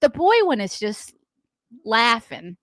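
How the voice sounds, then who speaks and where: A woman's voice: a little high, big pitch swings, takes it slowly, fairly bright tone, no room sound, clean studio sound. A woman co-hosting a morning radio show, telling a story with lots of laughter. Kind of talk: casual on-air banter and storytelling.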